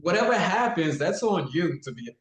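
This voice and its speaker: Guy thinking out loud on a podcast, halting, kinda high voice, echoey room sound. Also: very animated. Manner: thoughtful, halting, lots of "like" and restarts. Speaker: guest co-host. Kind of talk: casual podcast chat.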